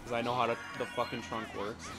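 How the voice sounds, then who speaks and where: A man's voice: mid-range voice, level tone, fast, music in the background. A young man from the United States telling a rambling, laughing story on a live stream, swearing often.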